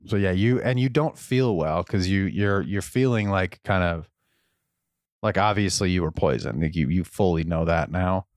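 A man narrating as game master in a tabletop game, casual and a bit halting. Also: low-pitched, no echo, clean studio sound. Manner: casual, hesitant with fillers.

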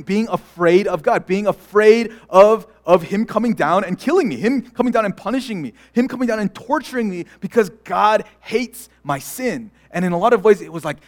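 High-voiced young pastor, chatty sermon. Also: male voice. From United States. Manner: conversational storytelling with many fillers and restarts.

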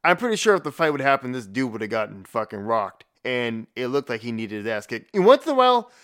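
A man's voice: mid-range voice, sing-song, fast talker, fairly bright tone. A man giving a profane, rambling rant in blunt, casual commentary, with frequent restarts.

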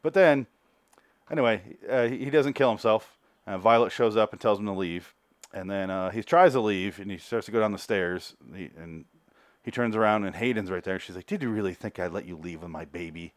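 Podcast host, male, lowish voice, loose and sarcastic, swears freely; dry close recording. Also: dry recording. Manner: rambling, sarcastic, acts out characters' lines in quick asides. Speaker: podcast host reviewing a TV show. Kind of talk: casual profane recap.

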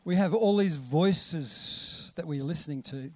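A middle-aged preacher delivers his sermon with lively energy. His voice sits slightly high for a man, and he acts out voices, jumping into loud, calling cries before settling back to talk. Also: a little slow, no echo. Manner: animated, acts out voices with big loud calls. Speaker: pastor.

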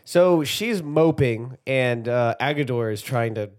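A man's voice: medium pitch, unhurried. A man co-hosting a podcast, chatting casually and animatedly while recapping a comedy film, often acting out lines. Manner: animated, laughing, acts out quotes. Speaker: podcast co-host.

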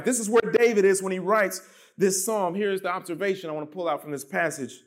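A man preaching a sermon as pastor, reading scripture and pressing his points with emphatic drops in pitch and volume. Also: fairly quick.

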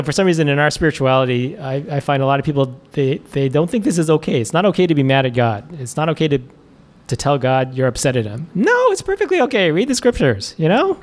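A man's voice: on the high side, lively intonation, fast talker. Chatty man preaching a casual sermon. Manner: casual, chuckling, many fillers. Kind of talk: conversational sermon.

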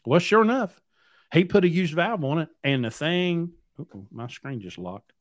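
Expressive and pitched on the high side, this man talks at a moderate pace with no room sound. As podcast host and trucking company owner, he tells a long, rambling, blunt story, repeating words as he goes.

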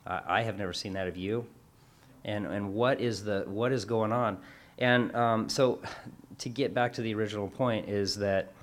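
A man chatting casually as a show's co-host, telling a long work story in a rambling way with self-corrections and acted-out quotes. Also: on the low side. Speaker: workplace class instructor. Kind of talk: casual chat.

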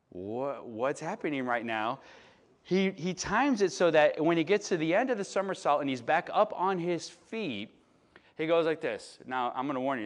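A chatty Chicago pastor in his late thirties tells stories in a conversational sermon. His voice is a little high, his speech is heavy with filler, and he keeps asking the audience "right?"

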